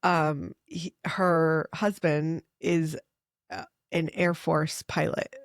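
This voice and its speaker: Earnest woman doctor, lower voice, dry sound. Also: slow, dry recording. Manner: earnest, animated storytelling with frequent "like". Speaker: fertility doctor guest. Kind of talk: conversational interview.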